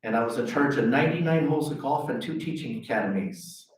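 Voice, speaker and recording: A man's voice: mid-range voice, fast. A middle-aged man, a golf pro, giving a self-deprecating storytelling speech at a luncheon. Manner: anecdotal, self-deprecating, animated quotes. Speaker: golf pro, guest speaker. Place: luncheon hall. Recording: echoey hall, voice from far off.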